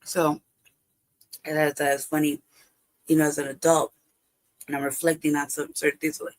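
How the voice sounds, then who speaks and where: A woman's voice: sits low, flat delivery, moderate pace, long pauses. A woman hosting a live stream, telling a personal story in casual, profane talk, often laughing and acting out past exchanges. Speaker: livestream host.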